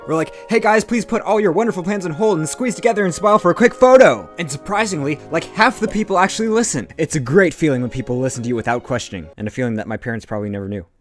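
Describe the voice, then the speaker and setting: A young man telling jokey, self-deprecating stories about his job in a comedic vlog. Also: fairly high pitch. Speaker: vlogger, theme park photographer.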